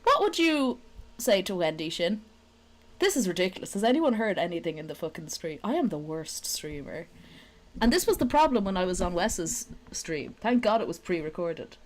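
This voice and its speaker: Irish woman streamer, young adult, chatty and sweary, very lively pitch. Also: normal speed. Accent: Irish, Dublin. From Ireland. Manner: chatty, swears freely, laughs often. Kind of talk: casual live-stream chat.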